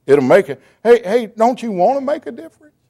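A middle-aged man preaches a sermon and shares his testimony with emotion, shouting at times and stammering as he restarts words. His voice is very high-pitched and very animated, and he speaks a little fast.

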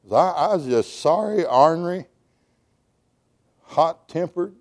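A middle-aged preacher man with a high, ringing voice. He swings from hushed storytelling to loud, emotional shouting, and he stumbles and restarts words as he drives his sermon along. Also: expressive, slow, gravelly.

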